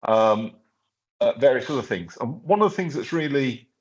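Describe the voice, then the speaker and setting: A man's voice: mid-range voice, lively intonation, moderate pace, slightly rough. A man presenting a hands-on workshop, talking casually through a live tech demo with lots of fillers and restarts. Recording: slightly dull lo-fi sound.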